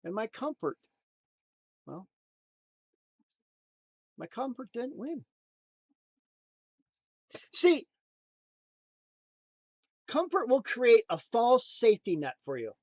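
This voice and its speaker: A man giving a motivational talk in a preachy, emphatic way, swinging between loud punchlines and quiet asides. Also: extremely high pitch, sing-song, slow, long pauses, dry recording, lo-fi sound. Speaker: motivational speaker.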